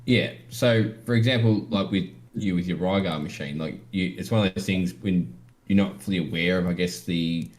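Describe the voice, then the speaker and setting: Low-voiced and speaking at a moderate pace, an Australian man co-hosts a podcast. He chats casually and wanders from point to point, leaning heavily on the word "like."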